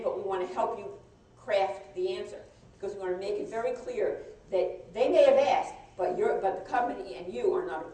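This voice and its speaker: A woman's voice: medium pitch, mellow. Woman lecturing in an echoey room. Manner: conversational, halting, frequent restarts. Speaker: outside compliance lawyer giving training. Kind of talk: live compliance training talk. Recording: echoey room, mic far off, faint noise.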